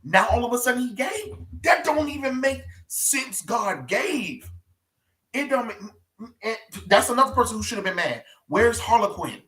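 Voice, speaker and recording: A man in casual pop culture chat, animated and rambling as a podcast co-host. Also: extremely high pitch, normal speed, recorded from a distance. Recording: echoey room, off-mic.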